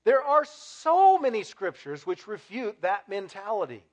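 A man preaching a sermon as pastor, getting animated and building to loud, emphatic peaks. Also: sits high, a little slow.

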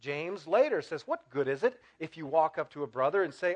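A man preaching a sermon as pastor, getting animated and building to loud, emphatic peaks. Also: fairly high pitch, fairly quick, husky.

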